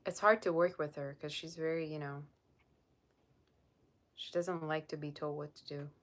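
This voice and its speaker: A woman's voice: low voice, fairly even intonation, normal speed. A woman tarot reader chatting on a live stream, blunt and sassy as she reads and answers viewer comments. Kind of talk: casual live-stream chat.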